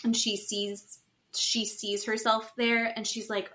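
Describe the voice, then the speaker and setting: On a podcast, a female co-host walks through a reality show episode in a relaxed way, performing what cast members said with animation. She has a mid-range voice and a measured pace.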